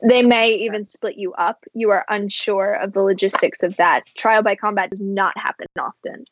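Husky woman narrating as game master. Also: medium pitch, fairly even intonation, moderate pace, fairly bright tone, poor audio.

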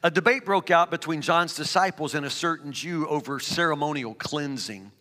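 High, bright-voiced preacher in a hall. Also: male voice, normal speed. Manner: reads scripture then builds to emphatic, rising preaching. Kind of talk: sermon. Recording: reverberant hall.

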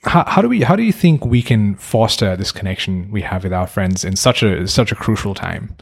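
A man's voice: on the low side, lively intonation, brisk, gravelly, slightly rough. A man from Nepal hosting a casual podcast conversation, talking in an earnest, reflective way and asking open questions. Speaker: podcast host.

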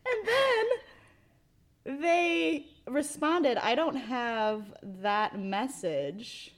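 A woman co-hosting a podcast in casual chat, animated and giggly, reading messages aloud with playful emphasis. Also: a little high, very slow. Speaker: podcast co-host.

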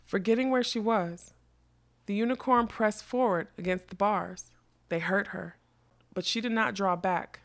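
A woman narrating a fantasy novel aloud in a measured, expressive reading. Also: medium pitch. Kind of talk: storybook reading.

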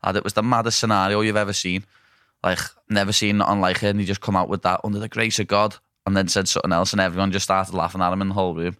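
A young man hosting a podcast, telling stories in a laddish, swearing, animated way. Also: low-pitched, rapid-fire, clear, resonant tone, no echo, clean studio sound. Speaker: podcast host, fighter. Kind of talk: casual chat.

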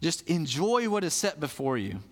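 A man preaches in a relaxed, conversational way, posing questions to the room and then answering them. His voice sits high for a man. The sound carries a long reverb from a church hall. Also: moderate pace. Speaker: pastor. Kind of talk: sermon.

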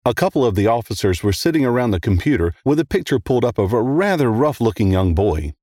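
A man narrating a first-person horror story in a steady, measured way. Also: medium pitch, dry recording, studio quality.

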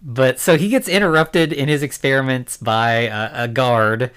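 A man's voice: mid-range voice, moderate pace, fairly bright tone, smooth. Man laughing through a film recap. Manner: laughs often while retelling scenes. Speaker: podcast co-host. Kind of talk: casual film-recap chat.

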